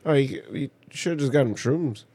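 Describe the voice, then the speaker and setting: A man's voice: medium pitch, moderate pace, mellow, slightly rough. A young man co-hosting a podcast, ranting and swearing constantly in casual banter. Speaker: podcast co-host.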